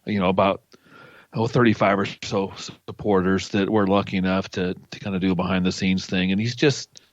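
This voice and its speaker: A man with a low voice tells stories with eager enthusiasm on a podcast. The recording is dry and a little muffled. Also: fairly quick, dry recording. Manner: enthusiastic storyteller, animated. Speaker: podcast guest. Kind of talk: casual podcast chat. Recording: dull, dry lo-fi audio.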